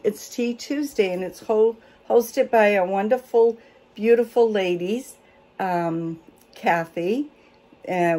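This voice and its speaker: A woman's voice: medium pitch, a little mellow. An older woman, chatting casually and reading a cookbook aloud with folksy asides. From Maine. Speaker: homestead vlogger.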